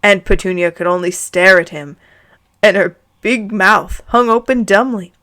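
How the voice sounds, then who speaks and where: A woman's voice: medium pitch, a little slow, a bit bright. Young woman reading aloud with swearing asides. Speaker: reader of fanfiction. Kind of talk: comic dramatic reading.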